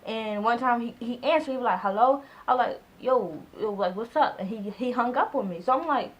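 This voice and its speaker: A woman in her twenties telling a storytime vlog in a casual, animated way, acting out both sides of conversations and filling her speech with "like". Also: on the high side, fairly quick, few pauses, low-quality recording. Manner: heavy use of "like" as filler. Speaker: vlogger.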